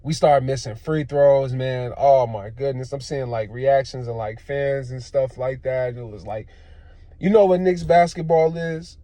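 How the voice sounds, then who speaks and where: A man ranting casually and profanely about his team's loss, swinging between low groans and loud outbursts. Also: unhurried, no room sound. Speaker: sports fan vlogger. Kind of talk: casual rant.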